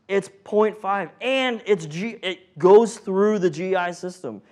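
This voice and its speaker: A man with a high-pitched voice and measured delivery leads paramedic training in a playful way. Animated throughout, he quizzes the group and acts out what patients and monitors sound like.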